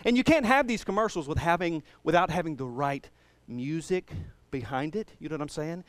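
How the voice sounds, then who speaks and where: A man preaching a sermon, retelling a scripture story with animated swings between quiet and loud passages. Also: a little high, brisk, no room sound. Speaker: pastor.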